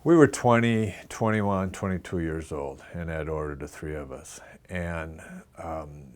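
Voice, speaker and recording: A man's voice: deep voice, a little slow. A man in his sixties from Minnesota, a former hockey player telling casual, self-mocking anecdotes as an interview guest. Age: 60s. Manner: lively yarn-spinner, self-mocking, acts out dialogue.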